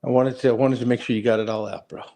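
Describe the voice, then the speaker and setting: A man's voice: medium pitch, steady tone, rapid-fire, creaky, dark tone. A man in a live audio chat who chimes in with short, laid-back, reassuring remarks. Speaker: speaker in a live audio space. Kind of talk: casual chat.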